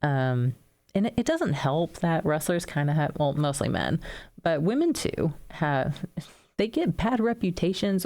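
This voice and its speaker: A woman in her thirties tells stories in a casual podcast chat. Her voice has a gravelly fry, and she talks in an animated way, laughing often and acting out the people in her stories. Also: low-pitched. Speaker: podcast co-host, wrestler.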